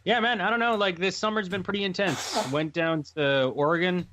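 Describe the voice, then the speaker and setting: A man's voice: sits high, steady tone, fairly quick. A man co-hosting a podcast over a remote mic, chatting casually in a rambling, hesitant way. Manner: rambling, hesitant, laughs things off. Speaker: podcast co-host. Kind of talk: casual chat. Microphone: remote call mic. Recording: dull lo-fi call audio with faint noise.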